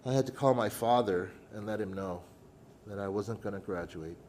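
A middle-aged man preaching a sermon, telling a personal story with dramatic pauses and sudden drops to a hush. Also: fairly low pitch, slight background noise. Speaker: pastor.

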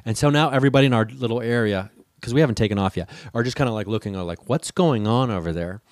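A man telling a long personal story in casual talk, lively and profane, acting out the people in it. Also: mid-range voice, quick pace, no echo, clean studio sound. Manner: animated, swears freely, acts out the people in his story.

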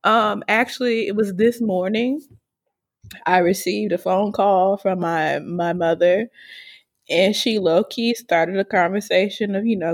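A woman co-hosting a casual chat, telling a family story with lots of laughter, cursing and loud exclamations. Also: unhurried. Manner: animated, laughing often, swearing, high-pitched exclamations.

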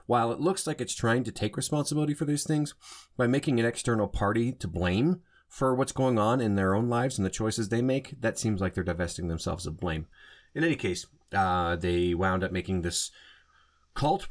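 This podcast host is a man whose pitch is fairly low and whose speed is normal. Alone at the mic, he drifts through a loose, casual monologue, regularly halting to fix or reword his thoughts.

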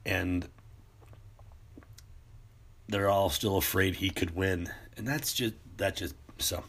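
A man's voice: sits low, steady tone, slow pace, fairly bright tone, breathy edge. A man ranting in a casual, profane monologue, rambling with many restarts.

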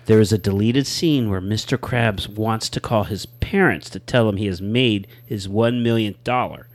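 A man co-hosting a comedic chat, spinning deadpan joke theories. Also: lowish voice, moderate pace. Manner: deadpan, conspiratorial joking. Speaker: podcast co-host.

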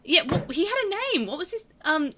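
A woman hosting a casual podcast chat, chatty and quick to laugh. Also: extremely high pitch, very animated, a loud crowd. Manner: chatty, laughs easily, many fillers. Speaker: podcast host.

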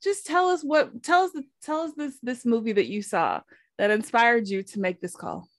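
A woman's voice: fairly high pitch, moderate pace, no echo, studio quality. A woman hosting a podcast in casual chat, telling stories with lots of laughter and acted-out quotes. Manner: animated storyteller, laughs often, acts out quotes. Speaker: podcast host.

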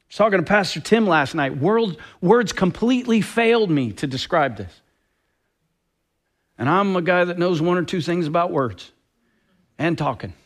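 A man's voice: sits high, expressive, moderate pace, pauses often. A man preaching a sermon with passion and emphasis, often acting out quoted dialogue. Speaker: pastor.

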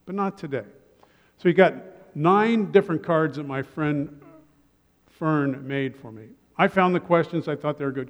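A male pastor preaches a sermon with a slightly high voice. He keeps it relaxed and slips in joking asides to the congregation. His words ring out with a long reverb through the church hall. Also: lo-fi sound. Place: church sanctuary.

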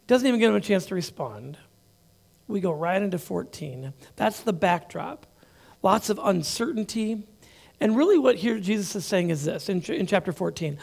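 A male pastor delivering a sermon in a loose, conversational way, doubling back on words and tossing in quick asides. His voice sits high for a man and carries a gravelly fry. He keeps the delivery informal even as he works through the passage.

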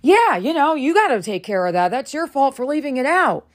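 A woman's voice: high voice, very animated, a little fast, voice pushed up. A woman quoting a smug, dismissive man. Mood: offhand.

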